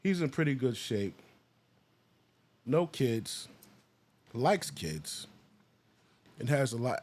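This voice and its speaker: A man hosting a reaction video, giving casual, profane commentary that jumps into a high, excited voice. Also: takes it slowly, long pauses.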